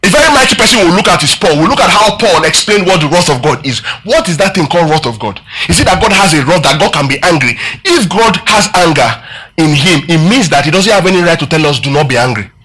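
Bright-voiced preacher asking the crowd questions. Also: male voice, a little high, animated, quick pace, low-quality recording. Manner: preaching with call-and-response and rhetorical questions. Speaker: pastor. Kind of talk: sermon.

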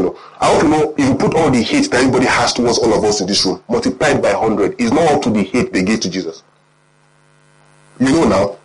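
Animated Nigerian preacher, lively pitch. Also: male voice, rough recording. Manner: animated, quizzing the congregation. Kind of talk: sermon.

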